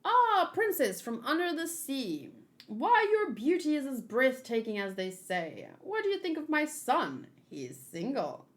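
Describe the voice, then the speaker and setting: A woman doing a pompous, flattering noble king. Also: sits high, a little slow, voice pushed up, exaggerated voice. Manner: flattering and grand.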